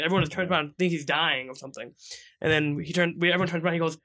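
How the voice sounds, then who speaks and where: Young guy, higher bright voice, animated storyteller who acts out voices. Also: rapid-fire. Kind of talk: casual chat.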